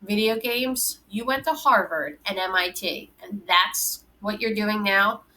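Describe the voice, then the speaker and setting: A woman's voice: medium pitch, unhurried, pushed and bright, slight background noise, low-quality recording. A woman reading aloud, voicing a grumpy old man stuck in a teenage boy's body, blunt and sardonic.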